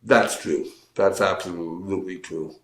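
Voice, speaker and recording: A man's voice: sits low, fairly even intonation, a little slow, a bit bright, reverberant. A man co-hosting a casual show, reacting to posts with wry jokes. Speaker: co-host. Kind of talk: casual chat.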